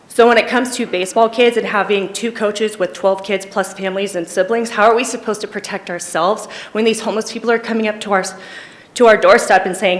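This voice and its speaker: A woman speaking into a podium microphone in a council chamber, earnest and a little nervous. Her voice of middling pitch carries a clear emotional strain. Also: fairly even intonation, a little fast. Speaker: public commenter. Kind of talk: public comment at council meeting.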